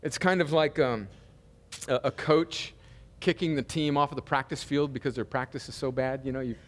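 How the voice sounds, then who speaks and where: A pastor preaching a sermon in a loose, conversational style, full of humor and asides. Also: male voice, mid-range voice, fairly even intonation, normal speed, long reverb tail.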